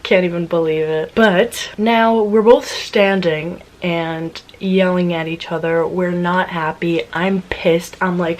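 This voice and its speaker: A young woman in her twenties telling a story to her vlog audience in a casual, animated way, swearing freely and laughing often. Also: lowish voice, low-quality recording. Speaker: vlogger.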